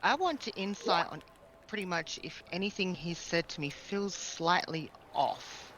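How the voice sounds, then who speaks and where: A man's voice: sits high, lively intonation, unhurried, fairly bright tone, a little hiss or hum, poor audio. A man playing a tabletop game, talking through his questions in a thoughtful, rambling way. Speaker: player. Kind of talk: casual tabletop gameplay talk.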